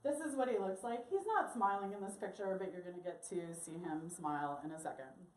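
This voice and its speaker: A woman telling a personal story to an audience in an animated, expressive way. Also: fairly low pitch, fairly quick, roomy sound, distant mic, slight background noise. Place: church hall.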